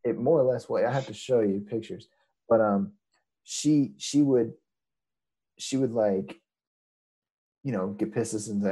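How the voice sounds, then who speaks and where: Mellow, husky man spinning a rambling tale. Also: on the low side, normal speed, pauses often, poor audio. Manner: rambling, many fillers and restarts, acts out quotes. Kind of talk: casual storytelling chat.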